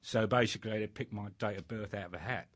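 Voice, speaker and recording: Quick and fairly low-pitched, an older man with a British accent recounts his life in a loose, rambling way during a casual interview, often restarting and leaning on fillers.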